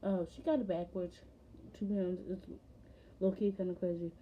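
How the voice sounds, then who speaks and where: A woman with a fairly low voice rambles through a personal story, piling on fillers as she goes. The audio is muffled and lo-fi, with the top end dulled. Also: fairly even intonation, normal speed, a little hiss or hum. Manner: rambling, filler-heavy retelling. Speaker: vlogger. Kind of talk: casual storytelling vlog.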